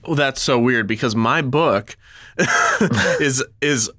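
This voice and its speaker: A man hosting a podcast in casual chat, excitable and giggly, with many ums. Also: medium pitch, slow, no room sound, studio quality. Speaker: podcast host, author.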